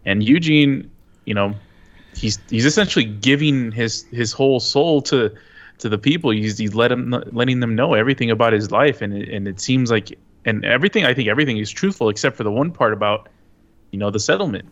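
A man co-hosting a casual TV recap podcast, with a low voice and a relaxed, hesitant delivery. The recording sounds dull and lo-fi. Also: fairly quick.

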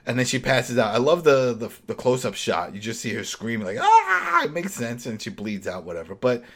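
A man in casual conversation, talking through a TV episode with lots of energy. He keeps slipping into quick mimicked voices as he replays scenes, his voice sitting at an ordinary middle pitch. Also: expressive, a bit bright. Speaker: podcast co-host. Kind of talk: casual TV recap chat.

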